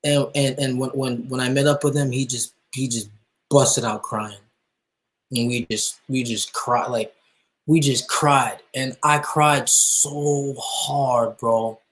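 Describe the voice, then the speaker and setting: Halting, emotional young man telling his story. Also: medium pitch, fairly even intonation, a bit bright, poor audio. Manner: halting, full of restarts and fillers. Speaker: guest, musician.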